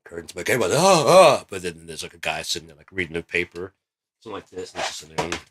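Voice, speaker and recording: Deep-voiced man rambling excitedly. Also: quick pace. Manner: rambling, profane, excitable storytelling. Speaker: vlogger. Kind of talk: casual rambling monologue.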